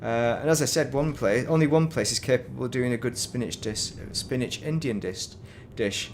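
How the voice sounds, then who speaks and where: A man's voice: medium pitch, normal speed, noisy background. Chatty man streaming a game. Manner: rambling, self-interrupting, chatty. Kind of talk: casual gameplay commentary.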